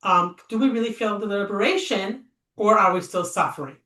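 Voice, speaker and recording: A woman leads an informal Torah text study class, speaking a little fast in a pushed, bright, mid-range voice. She chats and thinks aloud with frequent fillers and rhetorical questions. The recording is echoey, and she is somewhat far from the mic.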